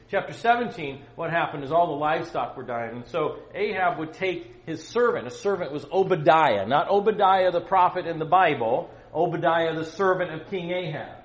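A man teaching a Bible lesson to young students, telling the story with animated rhetorical questions. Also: on the high side, brisk, few pauses. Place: room with students. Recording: roomy echo.

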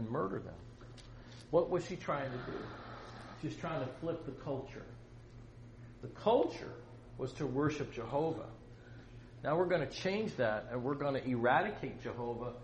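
Animated man teaching in an echoey room. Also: medium pitch, slight background noise. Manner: animated storytelling, rhetorical questions. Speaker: Bible teacher. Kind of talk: teaching a Bible lesson to young students. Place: room with students. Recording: roomy echo.

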